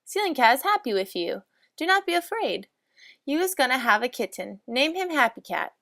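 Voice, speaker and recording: A woman's voice: high-pitched, very animated, normal speed, sharp tone, heavily acted. A woman voicing a cheerful male angel cat messenger in chirpy lolcat baby talk.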